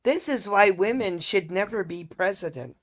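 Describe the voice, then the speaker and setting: A woman on a live stream rants bluntly and fired-up straight to her viewers, swearing heavily in casual chat. Her mid-range voice is animated and moves at a moderate pace.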